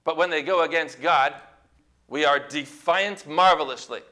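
Emphatic high-voiced male preacher. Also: normal speed. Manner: emphatic, rising to loud exclamations; asks the congregation to repeat words. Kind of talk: sermon.

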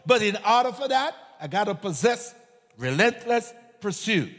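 A very high-voiced man preaches slowly, his pitch swinging widely as he asks the congregation questions. He repeats single words and climbs to shouts to stress a point. His voice carries a long reverb, as in a large hall. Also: very animated. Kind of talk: sermon.

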